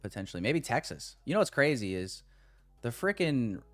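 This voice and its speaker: A man's voice: mid-range voice, sing-song, normal speed, fairly bright tone, faint music behind. An American man hosting a trading livestream, chatting casually and reading comments from the chat. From United States.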